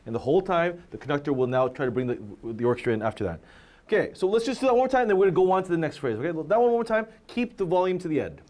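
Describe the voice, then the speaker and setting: A man's voice: a little high, very animated, rapid-fire, darkish tone, slight background noise. A man coaching violin students in a masterclass, singing phrases aloud and often checking in with "right?". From Korea. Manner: sings phrases aloud, asks "right?" often, acts out examples. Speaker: violin teacher.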